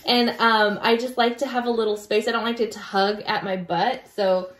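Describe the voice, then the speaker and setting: A woman co-hosting a podcast, calmly explaining her knitting step by step. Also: a little high, normal speed, roomy sound. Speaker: podcast co-host. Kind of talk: casual chat about knitting.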